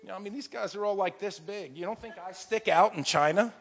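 A man with a slightly high, husky voice preaches a sermon. He tells stories with vivid energy, dropping to a hush and then rising loud again. His voice rings with the long reverb of a large hall. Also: a little fast. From United States. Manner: vivid storytelling, swinging from hushed to loud. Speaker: pastor.

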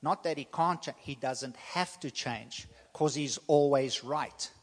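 A man preaching a sermon to his congregation, emphatic and repetitive, with slow dramatic pauses. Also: a little high. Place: church hall. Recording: long church hall reverb.

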